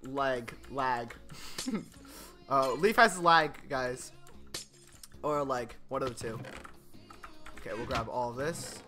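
A man streaming gameplay, chatting casually, getting excited and laughing often. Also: medium pitch, takes it slowly, long pauses, music in the background. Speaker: gaming streamer. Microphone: desk microphone.

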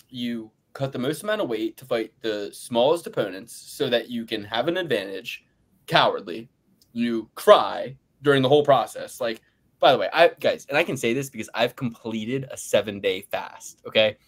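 A man co-hosting a podcast, ranting loudly and boastfully with big swings in pace and pitch and frequent laughter. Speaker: podcast co-host. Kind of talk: profane ranting fight predictions.

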